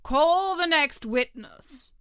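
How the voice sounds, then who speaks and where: A woman voicing a timid, melancholy king who makes slow, drawn-out pronouncements in a storybook reading. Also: sits high, expressive, sharp tone, dry recording, clean studio sound, voice pushed up, exaggerated voice. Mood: ponderous. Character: fretful, melancholy king, pompous but timid.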